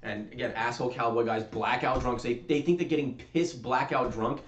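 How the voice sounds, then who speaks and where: A man's voice: medium pitch, fairly even intonation, a little fast. A man on a podcast ranting through a story, swearing a lot and getting heated. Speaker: podcast co-host. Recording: roomy echo.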